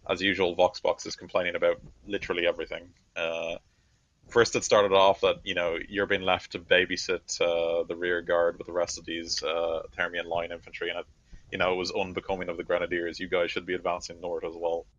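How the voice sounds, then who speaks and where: Deep-voiced male game master, loose narration, lo-fi. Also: monotone, fairly quick, fairly bright tone, no room sound. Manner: loose, filler-heavy narration.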